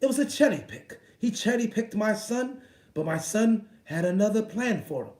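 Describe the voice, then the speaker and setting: A man's voice: sits high, lively intonation, normal speed, a little mellow, voice pushed up. A man putting on a boastful older British dad. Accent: attempted British. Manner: declaiming, repeating a catchphrase. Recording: roomy echo, voice set back from the mic.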